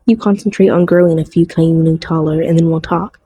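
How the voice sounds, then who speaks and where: A woman's voice: sits low, fairly even intonation, brisk, a little hiss or hum, natural voice. A woman voicing a playful young mother. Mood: gentle. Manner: warm teasing, mock-dramatic.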